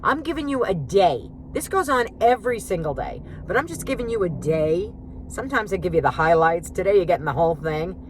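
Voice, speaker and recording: A vlogger rants sarcastically on her phone to viewers she treats as friends, first in the car and grocery store, then cooking in her home kitchen. Her voice is fairly low and sing-song, fairly quick, with background noise.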